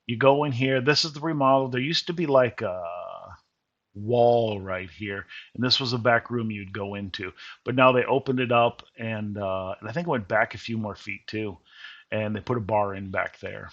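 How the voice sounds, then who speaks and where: A man's voice: lowish voice, fairly even intonation, normal speed, fairly bright tone. Folksy man, lo-fi. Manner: rambling, folksy, self-correcting. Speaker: vlogger. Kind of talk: casual voice-over narration. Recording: dull lo-fi recording.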